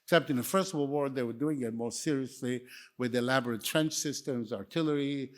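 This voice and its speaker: A man's voice: medium pitch, brisk. An older man, not a native English speaker, giving a wry, anecdotal talk that wanders from story to story. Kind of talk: lecture talk.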